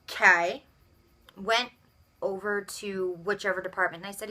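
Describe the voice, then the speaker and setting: A young woman vlogging, telling a retail complaint story in an animated way and acting out the dialogue of everyone involved. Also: mid-range voice, moderate pace, long pauses. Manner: animated, acts out both sides of dialogue. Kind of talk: storytelling rant.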